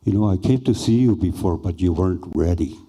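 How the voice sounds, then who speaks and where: A man voicing a solemn male ancestor spirit who speaks calmly to the living in a retold story. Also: deep voice, brisk, slightly rough.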